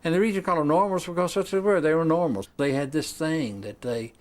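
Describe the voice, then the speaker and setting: A man's voice: a little high, fast talker. A man in an interview, recalling old times in a wry, conversational way. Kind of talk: casual interview reminiscence.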